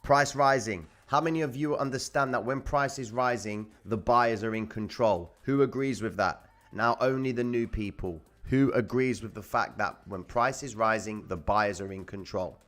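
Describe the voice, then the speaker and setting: A man's voice: medium pitch, normal speed, few pauses, a bit bright. A man hosting a trading live stream, teaching viewers in a casual, blunt way, swearing freely and repeating his points to the chat.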